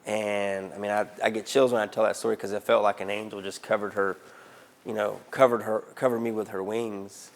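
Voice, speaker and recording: A man with an Arkansas accent, Spanish his first language, telling his life story in an interview in a lively conversational way. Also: lowish voice, fairly quick, gravelly. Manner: animated, conversational, asks "right?" often. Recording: music playing underneath.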